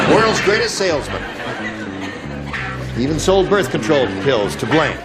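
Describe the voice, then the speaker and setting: A man's voice: fairly high pitch, big pitch swings, a loud crowd. Wisecracking male game show host. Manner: joking, quick quips with the panel. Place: television studio. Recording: studio audience and music. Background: audience laughter and music.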